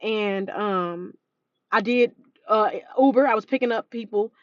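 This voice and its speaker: A woman's voice: medium pitch, a little slow, no echo, highs cut off. A woman in her early thirties gives an emotional personal testimony, close to tears, talking straight to her viewers. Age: 30s. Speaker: podcast host.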